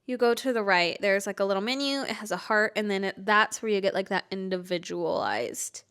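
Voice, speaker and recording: A young woman vlogger ranting about a game in casual couch talk, rambling and expressive. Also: mid-range voice, brisk, smooth. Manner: animated, rambling, self-aware and expressive. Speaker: gaming vlogger.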